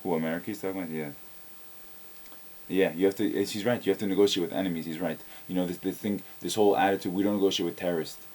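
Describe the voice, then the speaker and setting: A man's voice: deep voice, fairly even intonation, fast talker, a little mellow. A man giving a blunt, opinionated video reply to a viewer, often repeating words as he starts a sentence. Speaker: video blogger answering a viewer. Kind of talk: casual spoken video reply.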